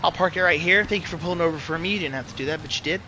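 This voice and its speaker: A young man streaming a racing game, chatting casually to his viewers with profane, excitable banter and frequent laughs. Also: a little high, racing, slight background noise. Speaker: gaming streamer. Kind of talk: casual live commentary while playing.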